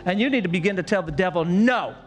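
A man's voice: high-pitched, racing, faint music behind. A male pastor preaching a sermon to his church, fervent and exclamatory with folksy asides. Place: church service.

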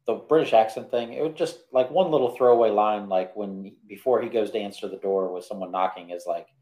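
Very low-voiced man co-host. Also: a little fast, mellow. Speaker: podcast co-host. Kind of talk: casual chat.

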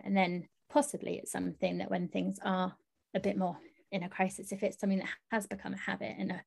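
A thoughtful woman talking in an easy, conversational way. Her voice sits at a medium pitch with a noticeable gravelly fry, and she reflects gently as she works through her ideas. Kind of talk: casual conversation.

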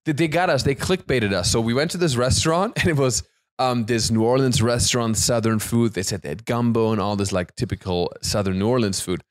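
A man, co-hosting a podcast, telling stories in a lively way with frequent restarts and laughs. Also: mid-range voice, a little fast, no room sound. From Germany. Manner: animated storyteller, stammers and restarts, laughs often. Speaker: podcast co-host. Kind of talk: casual chat.

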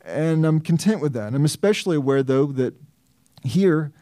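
An earnest male pastor working through a scripture text, with a slightly high but mellow voice. He thinks out loud, restarts phrases and questions himself as he goes. The sound is dry and close to the mic. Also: animated, moderate pace, no room sound. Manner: earnest, reasons aloud with restarts and self-questions. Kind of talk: expository sermon.

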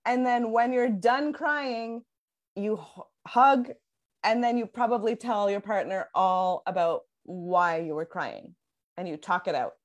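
An earnest woman speaks in a relaxed podcast chat, explaining at length with plenty of "like" and "um" along the way. She talks as a parenting coach, restarting her sentences as she works through her points. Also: medium pitch, unhurried. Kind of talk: casual podcast conversation.

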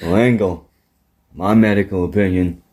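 A man doing a gruff, deep Texan wrestler. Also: fairly even intonation, normal speed, darkish tone. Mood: menacing. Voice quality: deep growling drawl. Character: gruff angry Texan male wrestler, menacing.

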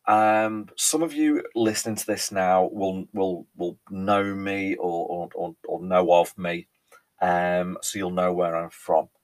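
Alone at his podcast mic, a man who sounds to be in his thirties delivers a casual monologue in a low, deep voice with fairly even intonation. He's from Ellesmere Port, England, with a Merseyside accent and a faint Cheshire lilt, and he rambles chattily, repeating words and filling pauses with ums.

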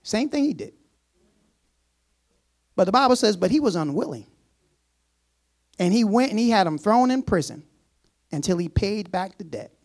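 In this sermon, a man reads scripture, slips in asides with laughter, and plays the servant in a low, casual voice. He's animated, speaks at normal speed, and pauses often.

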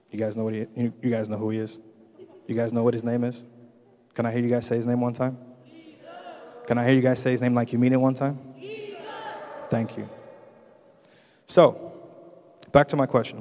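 A young man preaches in a loose, conversational way and keeps turning to his congregation with questions. His voice sits at an ordinary pitch for a man. The hall around him rings with a long reverb. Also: a little mellow. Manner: conversational, asks the crowd questions often. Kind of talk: casual sermon.

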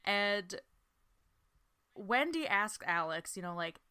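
Bright-voiced young woman recapping casually. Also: mid-range voice, lively intonation, takes it slowly, smooth. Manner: chatty, swears freely, laughs often. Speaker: podcast co-host.

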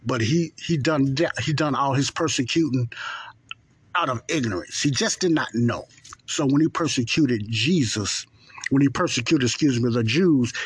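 A man giving informal Bible teaching in a plainspoken, conversational way, slowing down to repeat key phrases for emphasis. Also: medium pitch, husky. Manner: plainspoken, conversational, checks in with "okay".

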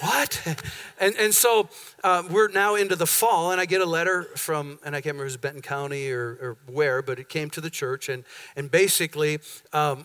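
A pastor in a church sanctuary, telling a long story to his congregation in a conversational way, acting out the dialogue as he goes. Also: mid-range voice. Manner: conversational, animated retelling with quoted dialogue. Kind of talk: sermon storytelling.

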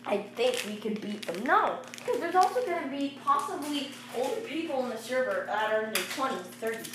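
A woman's voice: sits high, expressive, fairly quick, background noise. A teenage girl rambling bossily in a casual monologue, often correcting herself. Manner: bossy, rambling, self-correcting. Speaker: young vlogger pitching a game club.

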